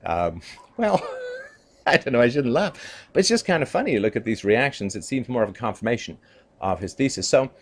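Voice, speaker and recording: A man's voice: medium pitch, very animated, brisk. Emphatic man delivering an opinion monologue. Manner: emphatic and conversational, full of "you know" and "right?", breaks into chuckles. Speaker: political commentator.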